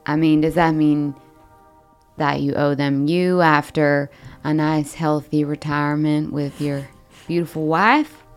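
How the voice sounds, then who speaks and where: A woman's voice: sits low, flat delivery, a little slow, smooth, faint music behind. A woman playing a tabletop role-playing game, talking in a chatty, earnest way in character.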